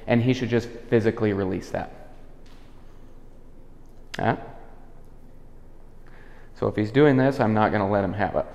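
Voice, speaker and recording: Male dog trainer, calm explainer, low gravelly voice, echoey room with a long tail. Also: unhurried, pauses often. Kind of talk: instructional demonstration. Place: indoors in a house. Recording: echoey room with long reverb, dull lo-fi sound.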